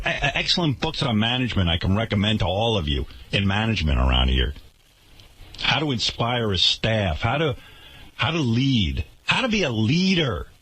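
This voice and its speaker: Radio host, male, sarcastic indignant rant, husky and bright tone, lively pitch. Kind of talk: radio talk show rant.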